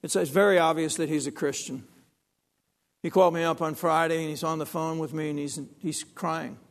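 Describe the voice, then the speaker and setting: A man's voice: on the high side, fairly even intonation, fairly quick, creaky. A man preaching a sermon, emphatic, repeating phrases and restarting sentences.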